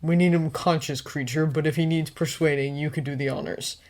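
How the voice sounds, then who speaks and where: A woman's voice: low voice, fairly even intonation, brisk, a little mellow, close to an everyday voice. A woman voicing an impatient teenage boy wizard who speaks sharply. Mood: stern.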